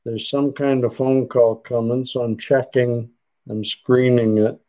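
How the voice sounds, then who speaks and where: Reading viewer comments in a chatty, rambling manner, a Canadian livestream host frequently trails off mid-sentence from his computer desk. His mid-range voice is dark and level at a measured pace, with poor audio.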